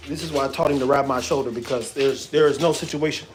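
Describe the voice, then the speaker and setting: A man's voice: medium pitch, steady tone, quick pace, noisy background. Laid-back man chatting to viewers about his dogs. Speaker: dog owner streaming live. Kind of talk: casual live-stream chat.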